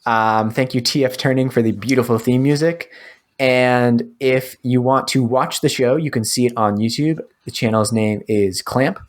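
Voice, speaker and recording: A man's voice: medium pitch, normal speed. A man co-hosting a podcast, easygoing in chat and running through the show's sign-off. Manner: easygoing, reads show outro. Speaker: podcast co-host. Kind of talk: casual chat.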